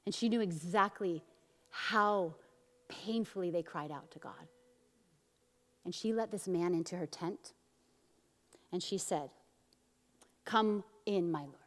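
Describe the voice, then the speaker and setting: A woman pastor preaching a sermon and telling a story, acting out the quotes with big swings from loud to soft. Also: on the low side, measured pace, pauses often, big-room sound. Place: church.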